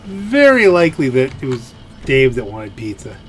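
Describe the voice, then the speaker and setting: A man's voice: medium pitch, big pitch swings, moderate pace, a little hiss or hum. Rambling man musing over a game. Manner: rambling and musing, full of fillers. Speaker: gameplay commentator. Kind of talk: let's play commentary.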